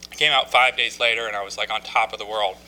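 A man with a very bright, sharp-edged voice tells his recovery story to a group. He speaks haltingly, often restarting his sentences, and mocks himself with wry humor along the way. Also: lowish voice, fairly even intonation, a little hiss or hum, rough recording. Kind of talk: personal testimony talk.

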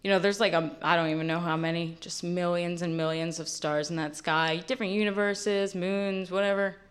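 A woman's voice: on the low side, fairly even intonation, moderate pace. A woman in her late twenties giving a candid, rambling personal testimony at a recovery meeting, full of fillers. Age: late 20s.

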